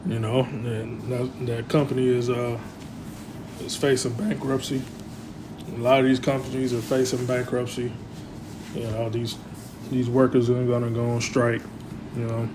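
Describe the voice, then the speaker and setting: Male religious commentator, mid-pitch, rambling and filler-heavy; constant hum behind. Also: little pitch movement, a little slow.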